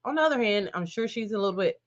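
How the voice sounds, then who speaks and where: A woman's voice: medium pitch, expressive, fast, lo-fi sound. A woman guesting on a podcast, giving blunt, outspoken opinions in casual chat and swearing freely. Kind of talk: casual chat about a reality show.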